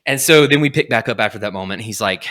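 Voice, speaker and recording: A young man hosting a podcast, casually retelling a comic story and acting out its lines in quick quotes. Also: lowish voice, a bit bright. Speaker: podcast host.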